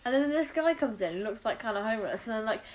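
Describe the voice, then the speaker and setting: A woman chats casually as a podcast co-host, filling her sentences with "like." Her voice sits a bit higher than most. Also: expressive, quick pace. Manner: chatty, lots of "like" fillers. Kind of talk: casual chat about a TV episode.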